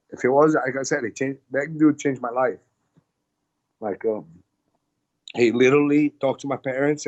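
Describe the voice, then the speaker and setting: A man at a middling pitch tells a story in casual, animated fashion. He rambles, restarts often and swears freely. The audio sounds a little dull, like a modest podcast recording. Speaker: guest, martial arts coach.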